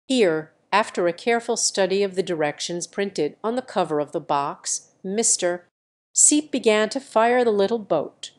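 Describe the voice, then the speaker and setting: A woman narrating a classic novel as an audiobook, in a measured, even storytelling manner. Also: mid-range voice. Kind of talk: scripted narration.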